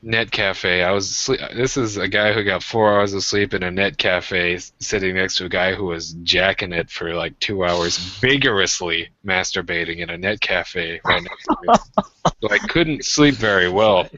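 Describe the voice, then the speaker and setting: A man's voice: low voice, normal speed, bright, forceful tone, dry recording, dull audio. A young man co-hosting a podcast in casual rambling chat, profane and self-mocking as he tells jokey stories. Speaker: podcast co-host.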